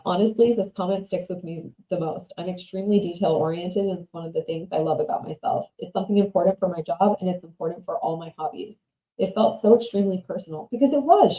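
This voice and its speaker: A woman's voice: lowish voice, dark tone, reverberant, poor audio. A woman livestreaming as she reads and reacts to online stories, chatty and opinionated, laughing often and trailing off into mumbles. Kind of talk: casual livestream commentary.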